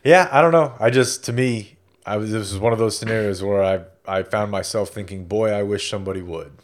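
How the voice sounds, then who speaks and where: A man's voice: on the low side, a little fast. A man co-hosting a podcast in casual chat, wry and joking. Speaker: podcast co-host.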